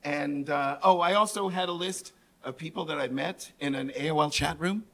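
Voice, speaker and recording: A man from New York with a New York accent, telling a comedic personal story on stage, animated, keeps asking the audience "right?" and throws lively voices into the people he quotes. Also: on the high side, moderate pace.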